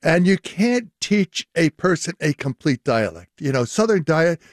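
A man's voice: fairly high pitch, sing-song, unhurried, no echo. Older man, dry studio voice. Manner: explanatory, laughs often. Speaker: linguistics professor guest. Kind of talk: radio interview.

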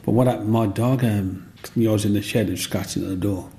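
A man's voice: on the low side, steady tone, a little fast, creaky, dark tone. A man, an interviewee telling stories of his childhood, rambling and repeating himself, with "you know what I mean" coming back often. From English Black Country. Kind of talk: reminiscing storytelling.

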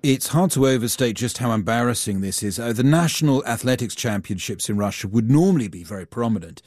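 A man's voice: medium pitch, expressive, a little fast, a little mellow, no echo. A man reporting as a global affairs correspondent in a radio newsroom studio, explaining steadily with some fillers. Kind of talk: news analysis in studio.

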